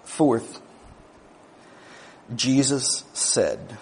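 A man preaching a sermon, moving between quiet, low asides and raised, emphatic declarations, with conversational "right?" asides. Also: very animated, extremely slow, creaky, slight background noise.

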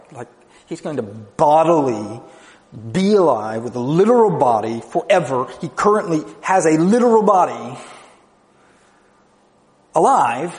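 A man's voice: a little high, long reverb tail. A man preaching a sermon as pastor, emphatic and conversational, often checking in with the congregation. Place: church.

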